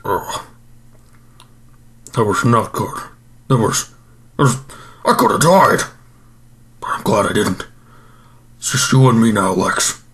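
A man's voice: fairly low pitch, slow, long pauses, a bit bright. A man doing a groaning, bloated Lex Luthor. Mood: groaning regret. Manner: groaning, rambling, self-pitying. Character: overstuffed self-pitying male supervillain, groaning, immobile. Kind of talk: improvised comedy monologue.

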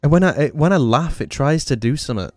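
Yorkshire gamer guy swearing n laughing, bit high voice, dry close sound. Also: lively intonation, fast, dry recording, soft background music. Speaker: gaming YouTuber. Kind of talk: casual gaming commentary.

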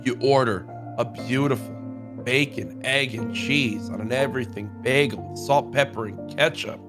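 A man's voice: medium pitch, music in the background. A young man gamer telling a playful, vivid story during a game session, joking as he sets the scene. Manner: slow, vivid scene-painting with jokes.

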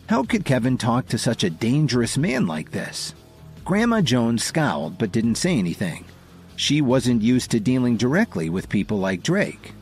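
A man narrating a dramatic audio story in a scripted, expressive manner. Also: mid-range voice.

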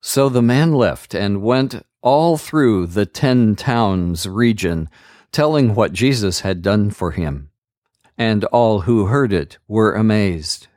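A man hosting a daily Bible reading podcast, reading scripture aloud in a slow, measured, earnest way and adding a short devotional comment. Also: lowish voice, lively intonation, a little mellow, no echo, clean studio sound.

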